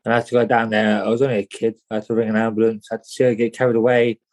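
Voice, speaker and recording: A man telling a personal story in an interview, halting and repeating words, often saying "mate". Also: lowish voice, little pitch movement, darkish tone. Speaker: guest.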